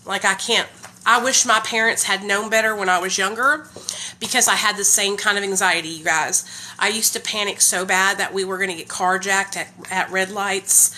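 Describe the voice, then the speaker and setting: A woman talking in a casual live stream on her phone, energetic and hyped, saying "like" and "y'all" a lot. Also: mid-range voice. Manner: heavy use of "like" and "y'all".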